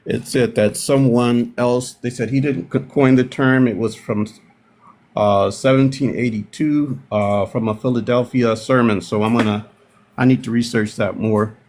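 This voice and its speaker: A middle-aged man from Milwaukee tells personal stories on a discussion panel, unhurried and reflective, often pausing to restart his sentences. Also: mid-range voice, fairly even intonation, a little mellow. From Milwaukee, United States. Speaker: panel participant.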